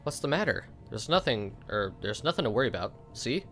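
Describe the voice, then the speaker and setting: A man's voice: mid-range voice, sing-song, a little fast, fairly bright tone, soft background music. A man reading a manipulative teenage boy. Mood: soothing. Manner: soothing then bitter, controlling. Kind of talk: reading game dialogue aloud.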